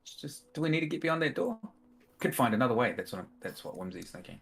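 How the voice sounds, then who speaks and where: Tabletop player, hesitant, thinking aloud, mid-pitched voice. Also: big pitch swings, fast talker, creaky, husky. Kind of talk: casual tabletop game chat.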